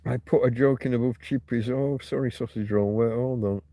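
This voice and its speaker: A man hosting a loose, rambling livestream and chatting to his viewers. He rants and swears freely and trips over restarts and repeated words. His voice is dark and mellow, recorded close in a dry, dead-sounding room. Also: medium pitch, fairly even intonation, moderate pace, dry recording. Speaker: livestream host. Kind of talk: casual rambling livestream chat, reading viewer comments.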